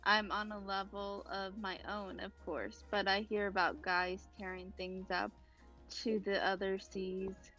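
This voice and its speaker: A woman's voice: medium pitch, little pitch movement, unhurried, sharp tone, faint music behind. A woman co-hosting a podcast, casually describing comic panels and reading out the dialogue, hesitant with many ums. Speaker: podcast co-host.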